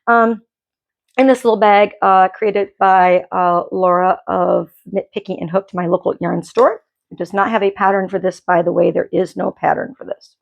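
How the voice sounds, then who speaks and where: A woman's voice: mid-range voice, fairly even intonation, moderate pace, vocal fry, dull audio. A woman hosting a knitting podcast, chatting casually from her home dye studio in a rambling way, often restarting her sentences. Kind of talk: casual chat.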